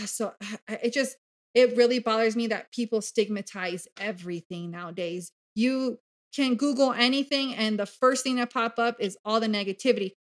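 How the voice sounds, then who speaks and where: A woman with a fairly high voice, talking as a guest on a conversational podcast. She is animated and blunt, swears freely and speaks with open candor. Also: normal speed. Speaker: podcast guest, bariatric coach. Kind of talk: candid casual conversation.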